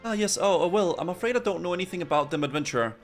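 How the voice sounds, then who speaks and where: A man's voice: sits high, lively intonation, rapid-fire, faint music behind. A man putting on a fussy old cat lady. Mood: helpful. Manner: reading game dialogue aloud. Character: fussy older woman, caretaker of cats.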